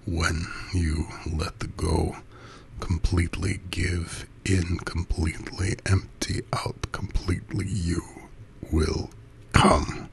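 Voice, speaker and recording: A man voicing a commanding but gentle male lover, who speaks low and kind in a gravelly voice with a slow, hypnotic cadence. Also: flat delivery, slight background noise, heavily acted.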